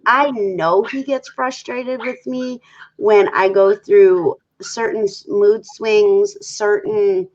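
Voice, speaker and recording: A woman's voice: mid-range voice, slow pace. A woman guest on a talk show, talking candidly about her relationship and acting out her own past conversations. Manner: candid, animated storytelling that acts out her own past quotes. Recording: dull lo-fi sound.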